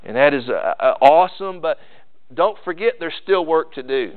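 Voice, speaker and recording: A man's voice: fairly high pitch, expressive, normal speed. A male pastor preaching a sermon in a folksy, emphatic way, repeating key phrases. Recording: tinny phone-like sound.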